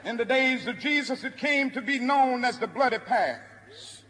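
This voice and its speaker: A man's voice: extremely high pitch, animated, a little slow, pushed and bright. A man preaching with a rhythmic, repeating cadence in an old sermon recording. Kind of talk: archival sermon oration. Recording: long hall reverb.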